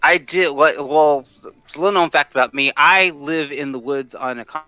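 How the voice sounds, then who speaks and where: A man's voice: a little high, fairly quick, sharp tone, smooth, dry recording, faint music behind, poor audio. A man from Washington state, chatting as a podcast guest, enthusiastic and laughing often, with stammering restarts. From Washington state, USA. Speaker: guest, tabletop content creator. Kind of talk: casual interview chat.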